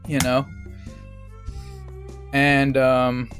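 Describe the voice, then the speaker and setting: A man's voice: mid-range voice, completely flat delivery, drawn-out words, fairly bright tone, soft background music. A young adult man streaming a game, telling a rambling, profane story in a casual, laid-back way. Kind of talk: casual storytelling while gaming.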